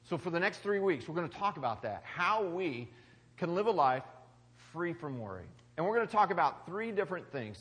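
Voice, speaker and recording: A man giving a conversational sermon as pastor, swinging between loud emphasis and quiet, hushed lines. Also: on the high side, husky, big-room sound. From United States.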